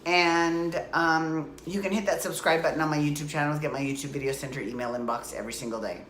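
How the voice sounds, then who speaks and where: A woman's voice: deep voice, steady tone, fast talker, a bit bright, echoey room, a little hiss or hum. A woman vlogger giving a casual, opinionated recap of a soap opera, full of chatty asides.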